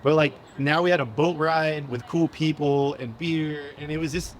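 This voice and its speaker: A man on a live panel telling an adventure story in a casual, energetic way. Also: on the high side, normal speed, slight background noise. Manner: casual, energetic, lots of "dude" and "like". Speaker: panel guest. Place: live event at a cafe.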